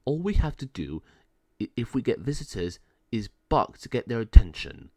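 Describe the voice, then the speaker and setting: A nervous dog waiting in a pound cage, as a man reads him aloud in a storybook. He pleads in a worried, lively way. The voice sits at a middle pitch. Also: normal speed, dry recording, studio quality. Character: caged dog, male, anxious, long in the pound.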